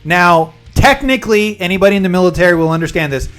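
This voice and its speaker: A man streaming live, chatting with viewers and rambling through a long personal story, pausing to explain terms. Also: sits high, fairly even intonation, fairly bright tone, soft background music.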